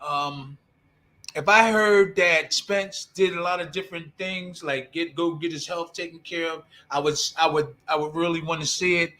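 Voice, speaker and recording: A man's voice: a little high, fairly even intonation, normal speed, sharp tone. An older man with a Philadelphia accent, a boxing champion chatting loosely on a show, repeating himself and laughing often. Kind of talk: casual boxing chat.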